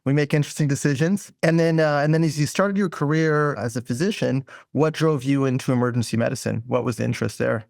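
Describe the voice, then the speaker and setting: A man's voice: medium pitch, quick pace, gravelly, few pauses, darkish tone, no echo, studio quality. A man from Israel hosting an interview podcast, asking questions in a conversational, slightly hesitant way. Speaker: podcast host.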